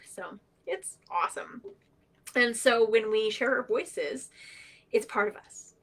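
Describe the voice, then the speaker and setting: A middle-aged woman telling stories and teachings on a livestream, animated and playful, laughing often and acting out voices. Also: a little high, slow pace. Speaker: storyteller and knowledge keeper. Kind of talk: humorous teaching storytelling on a livestream.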